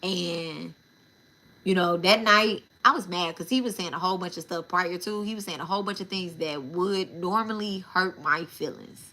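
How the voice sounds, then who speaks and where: Animated, bright-voiced woman telling a story. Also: fairly low pitch, normal speed. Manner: animated, profane, addresses listeners as y'all. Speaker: spiritual channel host. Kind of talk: casual storytelling to viewers.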